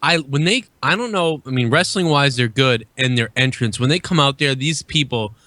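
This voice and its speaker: A man's voice: mid-range voice, lively intonation, normal speed, pushed and bright, dry recording. A man co-hosting a wrestling talk show, rambling and crude in a casual chat.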